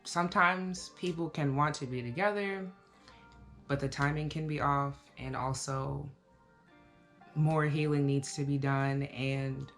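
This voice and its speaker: A woman in her thirties giving a casual, reflective life update to camera, talking slowly with many fillers. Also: low-pitched, faint music behind. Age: 30s. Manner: relaxed, reflective, with frequent fillers. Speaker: vlogger.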